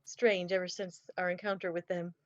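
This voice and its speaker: A woman's voice: on the low side, flat delivery, fairly quick. A woman playing in a tabletop game, patiently explaining things to another player. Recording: dull lo-fi mic.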